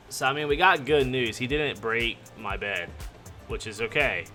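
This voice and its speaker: A man's voice: medium pitch, lively intonation, moderate pace, over music. A man giving casual, joking gaming commentary, rambling and yelping when startled. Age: adult. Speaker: gaming YouTuber.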